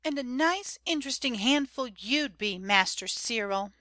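Guy doing a cranky old nurse, way up high and quiet, sulky and scolding. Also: animated, normal speed, no echo, full character voice. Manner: scolding, complaining. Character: old grumbling woman servant, fussy and sentimental. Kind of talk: audiobook character voice.

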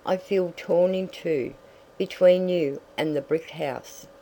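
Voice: mid-range voice, slow, dark tone, low-quality recording. A reader voicing tearful impulsive young Rebecca. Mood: grieving. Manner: emotional, pleading. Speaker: story character. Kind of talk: audiobook reading.

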